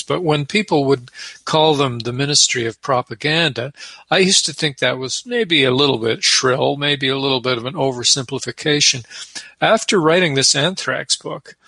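A man speaks with a gravelly grain and a bright, forceful edge, laying out his points in a measured, explanatory way. He is an author and peace activist answering interview questions with a wry touch. The sound is close and dry. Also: mid-range voice, dry recording.

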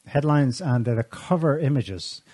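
A man's voice: mid-range voice, normal speed, a little mellow, no room sound. A man co-hosting a talk show, giving casual, sardonic political commentary with pointed remarks and frequent restarts. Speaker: show co-host.

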